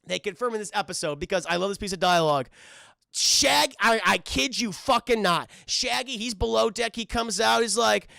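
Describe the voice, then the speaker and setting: A man's voice: high voice, brisk, creaky, hardly any pauses, no room sound, studio quality. A man reviewing a cartoon live for his stream chat, swearing freely and joking as he recaps. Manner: profane, excitable, joking.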